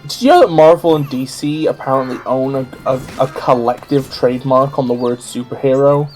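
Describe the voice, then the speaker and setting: A man chatting casually on a gameplay stream at a desk mic, his voice sitting at an ordinary middle pitch. He rambles through opinions, doubling back and correcting himself as he goes, with faint game music underneath. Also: fairly quick, a little mellow. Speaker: streamer co-host.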